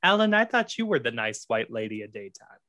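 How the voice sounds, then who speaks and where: A man's voice: medium pitch, very animated, fairly quick, bright, forceful tone, no echo. A man hosting a casual podcast chat, playful and camp, often laughing. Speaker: podcast host.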